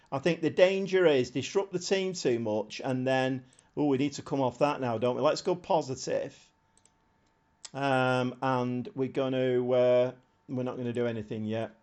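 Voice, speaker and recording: A man streaming a football management game, commenting live on the match and shouting at the screen when it gets exciting. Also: mid-range voice. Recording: slightly dull lo-fi sound.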